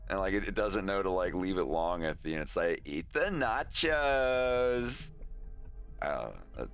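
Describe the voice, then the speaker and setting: A man's voice: sits low, a little fast, vocal fry, smooth, faint music behind. A man chatting casually on his live stream, rambling and joking as he mimics voices.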